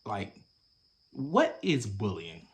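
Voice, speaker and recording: Young male podcast host, reaction commentary, very lively pitch, profane and animated. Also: extremely slow. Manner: animated, profane, switches between loud acted-out bits and low mutters.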